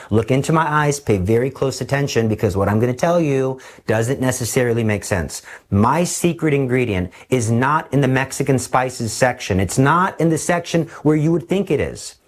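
A man preaching a sermon, telling stories in an animated way and acting out the voices. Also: mid-range voice.

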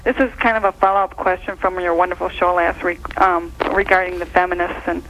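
A woman's voice: on the low side, flat delivery, brisk, fairly bright tone, rough recording. A woman from Minnesota calling in to a talk show, speaking gushingly with hesitant restarts. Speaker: caller. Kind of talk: phone-in call to a talk show.

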